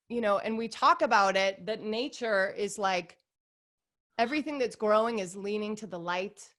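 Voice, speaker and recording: A woman in her forties talks as a podcast guest in a casual, upbeat way. She is earnest and chatty and her voice sits fairly high. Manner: upbeat, warm, earnest with lots of "like" and "you guys". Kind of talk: casual conversational interview.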